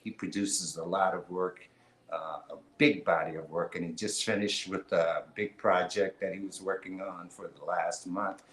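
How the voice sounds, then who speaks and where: A man hosting a casual livestream chat, telling stories in a relaxed, rambling way with lots of fillers. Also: low-pitched, moderate pace, roomy sound, low-quality recording. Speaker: show host.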